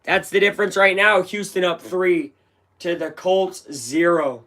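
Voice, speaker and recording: A man's voice: high voice, a little slow, fairly bright tone. A man giving live play-by-play commentary on a game as a fan, talking in a casual, rambling way and openly voicing his frustration. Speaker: fan watch-along commentator.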